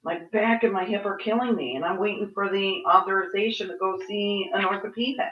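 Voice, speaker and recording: A woman's voice: mid-range voice, brisk, lo-fi sound. Frank woman venting, distant roomy sound. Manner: frank, venting, swears freely. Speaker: vlogger. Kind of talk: casual rant.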